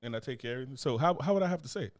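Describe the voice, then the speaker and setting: A man co-hosting a podcast, swearing freely and joking as he reads comments from the chat. He speaks at an ordinary pitch, and the sound is close and dry with no room around it. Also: very fast, dry recording. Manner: profane, animated, joking, reads chat aloud. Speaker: podcast co-host. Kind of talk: casual chat.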